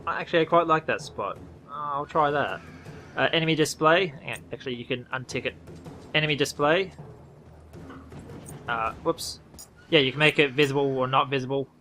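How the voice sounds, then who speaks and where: A man's voice: a little high, normal speed, long pauses, bright, forceful tone, faint music behind. An Australian man casually commenting on a game update, rambling and correcting himself as he goes. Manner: rambling, self-correcting, offhand. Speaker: gaming video host.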